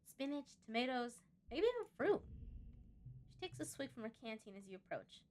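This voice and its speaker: A woman hosting a let's-play, reading visual novel narration aloud in second person with lively pitch jumps. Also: moderate pace.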